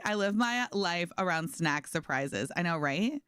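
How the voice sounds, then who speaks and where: A woman's voice: lowish voice, expressive, a little slow, fairly bright tone, clear, resonant tone, dry recording, clean studio sound. A young woman streamer chatting casually and bubbly with her viewers while she plays a game. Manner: bubbly, talks to chat and her dog, lots of "like". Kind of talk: casual live-stream chat.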